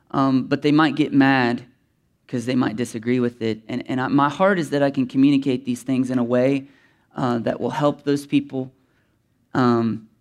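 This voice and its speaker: A man's voice: medium pitch, darkish tone. A man preaching a sermon as pastor to his congregation in church, earnest and emphatic, often restarting his sentences. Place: church before a live congregation.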